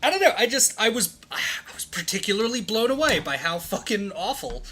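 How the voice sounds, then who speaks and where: A man in casual banter with friends, animated and profane, rambling as he talks. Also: high-pitched, fairly quick, soft background music.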